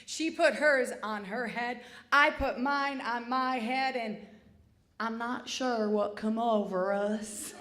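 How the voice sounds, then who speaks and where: A woman's voice: on the high side, slow, fairly bright tone, a little hiss or hum. A woman in her forties from Michigan telling a comic, self-deprecating story live on stage, in a chatty way.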